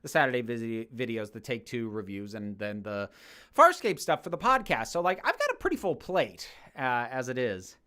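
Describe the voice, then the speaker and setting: A man's voice: mid-range voice, sing-song, moderate pace, bright, forceful tone, clear, resonant tone. A man from the United States hosting a livestream, casually answering chat questions with rambling jokes and lots of fillers and restarts. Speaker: YouTube host answering chat.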